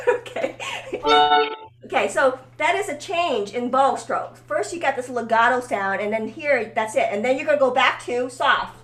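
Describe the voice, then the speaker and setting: A woman's voice: on the high side, moderate pace, a bit bright, echoey room, faint music behind. A woman giving a one-on-one violin lesson, coaching and encouraging her student, often checking in with "okay?". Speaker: violin teacher. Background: faint violin playing.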